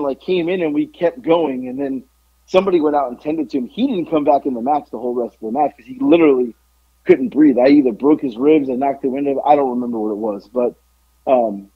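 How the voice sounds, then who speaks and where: A man telling wrestling stories in a casual podcast chat, profane, jumping into loud voices when quoting people. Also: a little high, husky, no echo, dull audio. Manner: animated, profane, acts out quotes in raised voice. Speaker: podcast guest, former pro wrestler. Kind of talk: casual storytelling.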